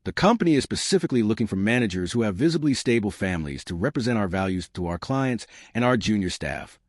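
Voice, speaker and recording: A man voicing a stern, calculating middle-aged boss who speaks in measured, pointed phrases. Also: fairly low pitch, expressive, no echo, clean studio sound.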